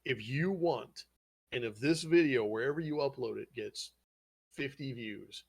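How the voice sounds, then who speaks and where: A man's voice: medium pitch, measured pace, creaky, slight background noise. A man hosting a podcast, casually swearing as he eagerly retells an anime plot. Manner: profane, animated storytelling retelling scenes. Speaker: podcast host.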